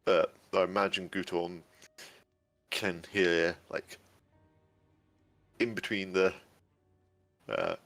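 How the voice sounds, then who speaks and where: A man's voice: low-pitched, expressive, slow, gravelly, long pauses, fairly bright tone, soft background music. A man playing in a tabletop game, describing his moves loosely and hesitantly. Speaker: player.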